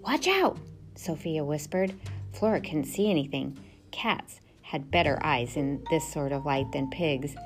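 A woman with a low voice reads a children's storybook with expressive, steady narration. Music plays clearly behind her. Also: a little slow.

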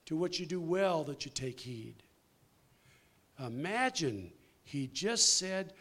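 An older man preaching slowly and emphatically, answering questions and rising in force on key points. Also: a little high, lively intonation, a bit bright.

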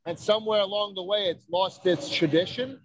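A man's voice: high voice, fairly even intonation, fairly quick, lo-fi sound, a little hiss or hum. A man, a wrestler telling brash, profane stories in a casual podcast chat. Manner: brash, profane, boastful storytelling. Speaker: wrestler guest.

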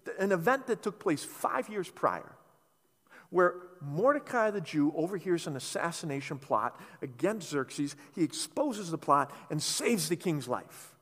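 Animated preacher in a big hall. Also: male voice, on the high side, measured pace, slightly rough. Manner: animated storytelling, playful asides. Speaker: pastor. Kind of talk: sermon.

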